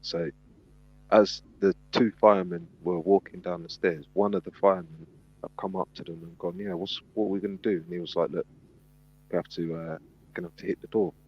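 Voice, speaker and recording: A man telling a story in casual chat, animated and acting out the people in it, on a dull lo-fi recording. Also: deep voice, a little fast, breathy edge. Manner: animated storyteller, acts out quotes. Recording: dull lo-fi sound.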